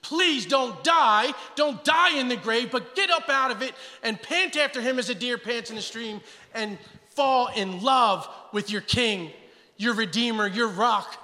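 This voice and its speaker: A man preaching a passionate guest sermon, swinging between loud exclamations and hushed, intense passages. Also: extremely high pitch, a little slow, in a large hall.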